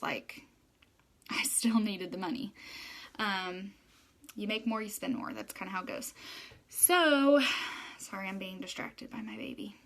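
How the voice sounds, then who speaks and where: A woman's voice: medium pitch, fairly bright tone. Chatty woman hairstylist talking to viewers. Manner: chatty, rambling storytelling with many fillers. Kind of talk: casual talk to viewers.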